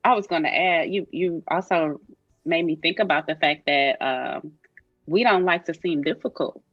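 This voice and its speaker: Low-voiced woman, reassuring and earnest. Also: normal speed, no room sound, muffled recording. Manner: earnest, reassuring, frequent "um" and "you know". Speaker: doula. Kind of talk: roundtable discussion.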